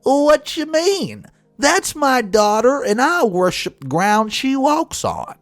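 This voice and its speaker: A screeching, hostile middle-aged woman with a thick, high-pitched Southern drawl, as a male storyteller puts her on. She swoops up and down as she confronts someone. The sound is dry and close. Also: sing-song, slow pace, no echo, faint music behind, full character voice. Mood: indignant.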